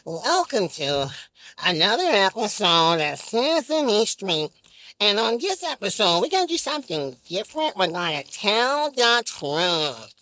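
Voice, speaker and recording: Man doing a deep, slow Big Bird. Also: very animated, bright, forceful tone, no room sound, heavily acted. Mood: solemn. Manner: drawn-out, solemn announcer delivery. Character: Big Bird as a slow, booming giant male bird host. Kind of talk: comedic impression.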